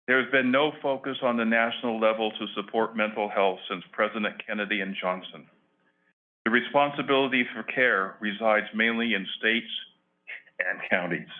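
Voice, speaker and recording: A retired older man giving an earnest prepared public comment at a county board meeting, reading with emphatic pauses. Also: medium pitch. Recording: phone-like lo-fi meeting audio.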